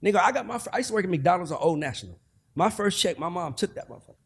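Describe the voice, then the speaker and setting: A man in his forties with an Atlanta accent, a guest telling stories in a casual, animated, profane way. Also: high-pitched, rapid-fire, creaky, husky. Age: 40s. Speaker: guest, music executive. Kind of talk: casual podcast conversation.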